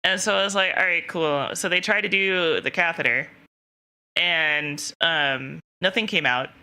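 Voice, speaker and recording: A woman's voice: on the low side, a little slow, sharp tone, clear, resonant tone. A young woman streamer casually telling a rambling story to her chat, laughing often and quoting herself. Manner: giggly, rambling, lots of self-quoting.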